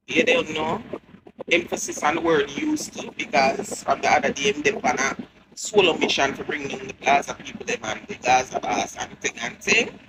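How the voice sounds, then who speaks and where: A woman with a Jamaican accent gives chatty, mocking entertainment news commentary, laughing often. Her voice is low-pitched and very animated at a moderate pace. The recording has noticeable background noise.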